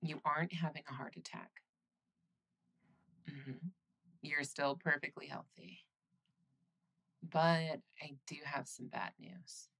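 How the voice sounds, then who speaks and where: A woman voicing a caring, teasing young girlfriend in a whispered role-play, soothing and reassuring with soft laughs. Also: sits low, steady tone, takes it slowly, gravelly, long pauses, husky, exaggerated voice.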